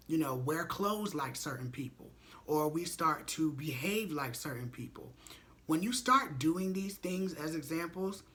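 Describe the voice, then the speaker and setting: A man's voice: a little high, pushed and bright. A man vlogging motivational advice to his viewers, chatty and candid, swearing casually and calling them y'all. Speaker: vlogger giving life advice. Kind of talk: casual motivational talk to camera.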